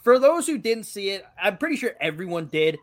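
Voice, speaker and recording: Animated young man with a lively high voice. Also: brisk. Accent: light Massachusetts. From Massachusetts. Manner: animated, joking, swears freely. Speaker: podcast co-host. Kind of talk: casual chat.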